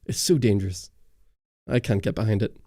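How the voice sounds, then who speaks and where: Northern Irish man, livestream host, casual rambling chat, very dark voice, dry close mic. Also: on the low side, fairly quick, no room sound. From Northern Ireland. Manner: rambling, answers viewer chat. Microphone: close studio mic.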